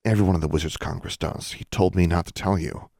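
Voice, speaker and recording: A man's voice: sits low, fairly even intonation, quick pace, gravelly, darkish tone, no echo, clean studio sound. A man voicing a stubborn, determined young witch girl who speaks firmly.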